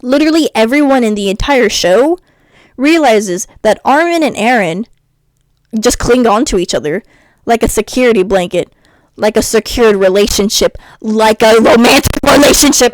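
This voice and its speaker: Young woman, casual vlog rant, swearing, high-ish voice, dry close sound. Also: moderate pace, no room sound. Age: young adult. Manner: animated, swearing, chatty ranting. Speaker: YouTuber.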